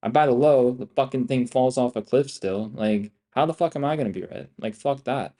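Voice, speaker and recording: With a mellow, medium-pitched voice at a moderate pace, a young day trader chats casually through a live stream. He swears, hypes things up, repeats himself, and throws around slang like "bro" and "guys" for his viewers.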